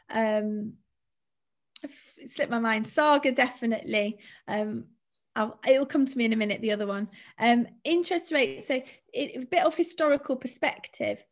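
Woman, financial adviser, fairly high voice, steady explainer. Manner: explanatory, steady, thinks aloud with fillers. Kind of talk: presenting a finance talk.

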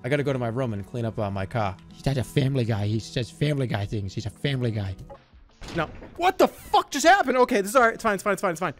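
A man in his thirties streaming video games, chatting casually with animated, giggly swings into loud outbursts. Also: medium pitch, quick pace, soft background music. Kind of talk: casual gaming stream chat.

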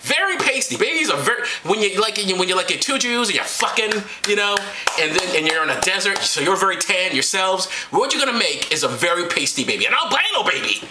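A man's voice: high voice, sing-song, fairly quick, echoey room, background noise. A man hosting a comedic Bible retelling, talking in a rambling, profane, sarcastic way. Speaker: host.

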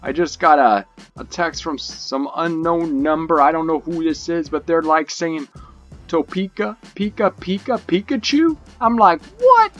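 A man giving excited play-by-play wrestling commentary, breaking into frequent shouted exclamations. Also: on the high side, normal speed. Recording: game crowd and music behind.

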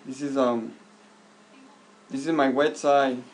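Gravelly man walking through a tutorial. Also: mid-range voice, fairly even intonation, poor audio. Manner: halting, repeats words, simple direct instructions. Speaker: YouTuber giving a tutorial. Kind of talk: casual screen-recorded walkthrough. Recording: faint background noise.

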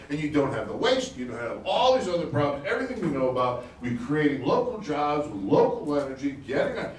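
A middle-aged man gives a live talk at a conference, animated and excitable, and he laughs often as he goes. His voice sits a little high and swings widely in pitch. He is picked up from some distance in an echoey hall, with faint ambience behind him. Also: fairly quick, hardly any pauses. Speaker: conference speaker, energy advocate.

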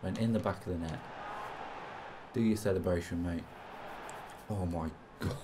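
A young man swearing and reacting excitedly while commentating his own football video game, with game music behind him. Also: sits low, moderate pace, noisy background. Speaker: gaming commentator. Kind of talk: casual gameplay commentary.

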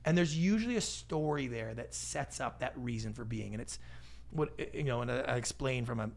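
A middle-aged man speaks as a guest on an interview podcast, with a gravelly, creaky edge on his voice. He talks casually and animatedly and slips into the voices of the people he quotes. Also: medium pitch, animated, brisk. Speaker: guest, pitch expert.

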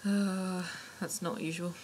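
A gaming channel host, a woman with a lowish voice, talks slowly through a casual let's-play, chatting and muttering to herself with some mild swearing. A steady clicking sound runs in the background.

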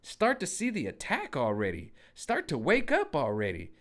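A man delivering a sarcastic, animated political rant as a vlogger, acting out voices of others. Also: on the high side, moderate pace. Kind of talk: ranting political commentary monologue.

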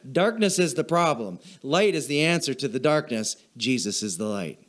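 A male pastor delivers a sermon in a church, hammering short phrases over and over in a steady preaching cadence. His voice sits at a middle pitch for a man. He calls out to the congregation for responses and grows emotional as he reads. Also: normal speed. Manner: emotional, chokes up while reading. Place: church sanctuary.

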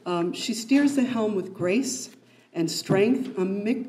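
A woman giving a prepared introduction to a speaker at a meeting, halting and restarting her words. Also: medium pitch, dark tone, a little hiss or hum. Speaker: event host introducing a speaker. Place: meeting room.

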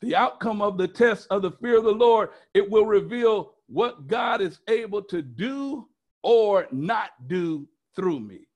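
A man's voice: high-pitched, expressive, unhurried, darkish tone, lo-fi sound. A male pastor preaching a sermon, emphatic and repetitive, prompting the congregation with questions.

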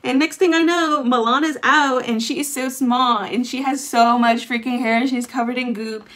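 A woman's voice: high voice, fairly even intonation, moderate pace, fairly bright tone. A young adult woman vlogging, telling a long story in a chatty way, full of fillers and acted-out quotes. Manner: chatty, lots of fillers, acts out what people said. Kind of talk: casual storytelling.

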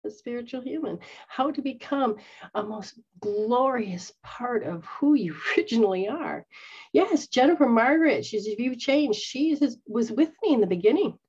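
A woman's voice: mid-range voice, a little mellow, slightly rough. A woman who is a psychic medium and spiritual teacher, talking earnestly to her followers and acting out quoted voices. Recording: dull lo-fi sound.

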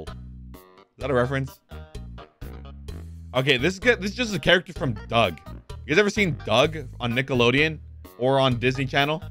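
A man streaming gameplay, reading the on-screen text aloud and reacting loudly with plenty of swearing. His pitch swings widely between deadpan mutters and excited yelps. Faint game music plays in the background. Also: moderate pace, pauses often. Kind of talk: casual gameplay commentary.

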